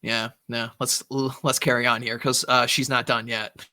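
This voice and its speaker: Bright-voiced rambling podcast host. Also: male voice, mid-range voice, little pitch movement, moderate pace, no room sound, clean studio sound. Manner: rambling, filler-heavy, laughs often. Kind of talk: casual podcast chat.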